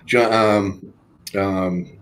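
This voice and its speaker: A man's voice: low-pitched, fairly even intonation, drawn-out words, a bit bright, a little hiss or hum. A man with a Boston accent, a guest on a casual livestream chat, easygoing and full of fillers. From Boston, United States. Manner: easygoing, laughs often, hesitant fillers.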